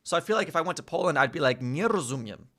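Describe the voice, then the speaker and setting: A young man thinking aloud as he studies a language, correcting himself and slowly sounding out foreign words. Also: on the high side, lively intonation, a bit bright. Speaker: vlogger learning a language. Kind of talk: casual thinking-aloud study session.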